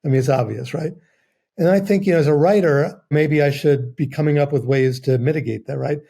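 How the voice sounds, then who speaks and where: Husky, mellow-voiced male panelist. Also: on the high side, brisk. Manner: wry, questioning, animated. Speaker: podcast panelist, writer. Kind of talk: casual film discussion.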